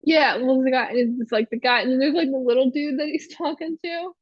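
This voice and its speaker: A woman's voice: high-pitched, fairly even intonation, fairly quick, no echo. Chatty woman podcaster, dull dry sound. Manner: chatty, rambling with many fillers and giggles. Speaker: podcast co-host. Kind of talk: casual chat recapping a TV episode.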